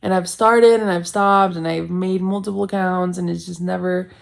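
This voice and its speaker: A woman's voice: on the low side, fairly even intonation, moderate pace, creaky. A woman in her twenties talking candidly to camera in a casual vlog, blunt and self-critical, rambling with lots of "like". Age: 20s. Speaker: vlogger.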